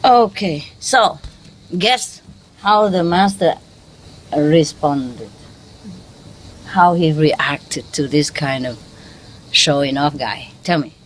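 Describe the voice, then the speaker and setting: A woman's voice: deep voice, expressive, slow, long pauses, slight background noise. A woman giving an informal spiritual teaching talk to an audience. She chuckles often and quizzes her listeners in loose, conversational English.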